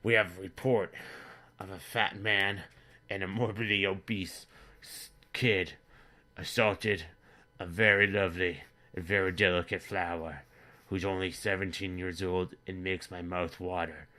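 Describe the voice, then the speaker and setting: Blunt commanding small-town sheriff, low voice, put on by a man. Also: steady tone, a little slow, sharp tone. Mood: stern.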